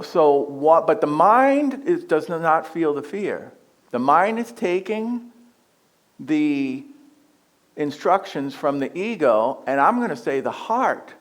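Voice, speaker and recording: A man giving a conversational spiritual talk as a guest speaker, joking and asking the audience questions. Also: fairly high pitch.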